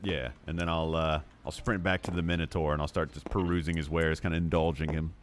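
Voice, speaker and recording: A man's voice: a bass voice, flat delivery, brisk, a little hiss or hum. A man chatting as a player in a tabletop game, describing his character's moves. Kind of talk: casual tabletop play.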